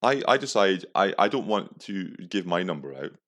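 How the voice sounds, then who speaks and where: A man's voice: deep voice, very animated, normal speed, a bit bright. A young man hosting a podcast, telling a story in a crude, profane, comic rant. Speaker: podcast host. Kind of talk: casual storytelling monologue.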